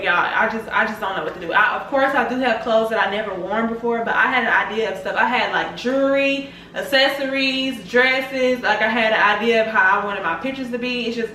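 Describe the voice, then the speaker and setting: A woman's voice: a little high, sharp tone, a little hiss or hum. Exasperated young woman venting, echoey room. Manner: exasperated, swears often, repeats herself. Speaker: vlogger. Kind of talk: frustrated venting to camera. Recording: echoey room, mic at a distance.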